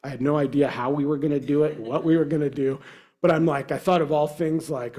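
Husky man telling a faith story. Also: on the high side, steady tone, a little mellow. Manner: casual, halting with fillers. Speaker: speaker telling a devotional story. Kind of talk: personal devotional storytelling.

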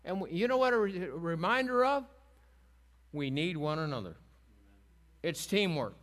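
A man with a high, light voice leads a Bible study group. He talks in a homey, chatty manner, drifting into side stories and asides. He keeps asking the group questions and getting them to answer him. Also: sing-song, normal speed, fairly bright tone. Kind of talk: informal Bible lesson with call-and-response.

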